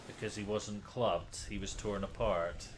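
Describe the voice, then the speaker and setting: A man's voice: lowish voice, steady tone, a little slow, background noise. A man streaming a detective game, thinking aloud in casual commentary, muttering, sighing and swearing when stuck.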